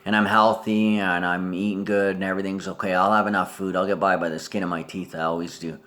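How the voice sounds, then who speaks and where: A man's voice: low voice, little pitch movement, fast talker, fairly bright tone. A man in a rambling spoken monologue, swearing and jumping between topics while talking to absent relatives. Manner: talks to absent relatives as if present.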